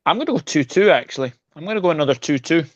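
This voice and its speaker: A man's voice: a little high, rapid-fire, no echo, dull audio. A man hosting a casual football show, chatting and reading out viewer predictions. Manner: relaxed, reads out viewer predictions.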